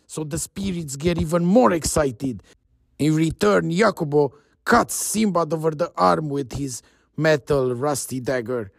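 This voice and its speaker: A man narrating a story in a casual, animated, chatty way. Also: a little high, measured pace, gravelly, no echo, studio quality.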